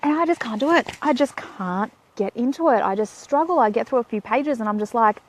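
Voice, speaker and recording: A woman's voice: on the high side, lively intonation, a little fast, hardly any pauses. An Australian woman in her thirties, chatting playfully on a Facebook live stream while she walks outdoors, talking into a phone held at arm's length. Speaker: vlogger. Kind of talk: casual Facebook live chat. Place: outdoors in shade.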